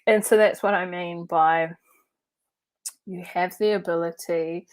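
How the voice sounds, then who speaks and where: A woman coach telling a story and teaching in a casual, chatty way, laughing now and then and using lots of fillers. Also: lowish voice. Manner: chatty and animated, laughs while telling stories; loose, with many fillers like "uh" and "like". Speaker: NLP and hypnotherapy coach.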